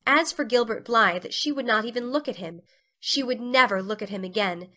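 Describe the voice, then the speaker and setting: A woman reads a classic story aloud in a dramatic storybook style. Her voice is bright and forward and pitched a little high. She brings expressive life to the narration. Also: moderate pace.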